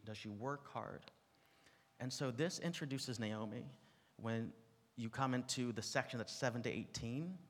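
A man delivers a sermon at a mid-range pitch, talking to his listeners in a relaxed, conversational teaching style with personal asides. His voice rings out with a long reverb from a large hall. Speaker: preacher. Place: large room with an audience.

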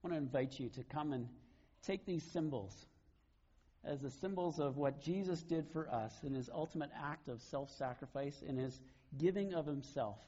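A man's voice: on the high side, normal speed, mellow, husky, muffled recording. A middle-aged male pastor preaching in an earnest, conversational way. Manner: conversational, earnest, laughs between points. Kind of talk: sermon.

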